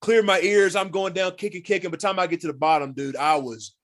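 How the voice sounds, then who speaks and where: A man telling hunting and fishing stories as a podcast guest in casual, animated talk, swearing freely and acting out what people said. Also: high voice, fast. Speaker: podcast guest, former pro football player. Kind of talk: casual storytelling.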